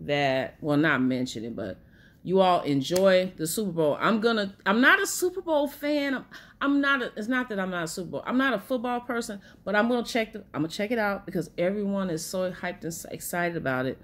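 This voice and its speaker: A woman's voice: medium pitch, lively intonation, fairly quick. A woman vlogger chatting casually about movies in an emotional, gushing way. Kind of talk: casual movie-recommendation vlog.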